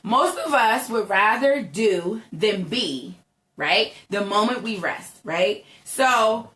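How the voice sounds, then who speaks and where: A woman's voice: medium pitch, expressive, takes it slowly, a bit bright, echoey room. A young woman giving a chatty motivational talk to her viewers, emphatic and repeating "right?" constantly. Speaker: entrepreneur vlogger.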